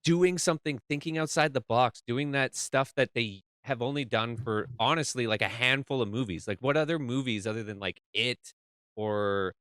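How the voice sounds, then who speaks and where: A man chats casually on a horror podcast and leaps up in pitch to act out a crowd's reactions. His voice is smooth and clear, in a dry room. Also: normal speed, no echo. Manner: animated, acts out crowd reactions. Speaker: podcast co-host.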